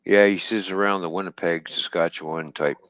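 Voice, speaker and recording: A man's voice: low voice, brisk, clear, resonant tone, no echo. A man telling a trucking story in casual, profane talk, laughing and quoting people as he goes. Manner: profane, laughing, animated retelling with quoted dialogue. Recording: dull lo-fi dry stream audio.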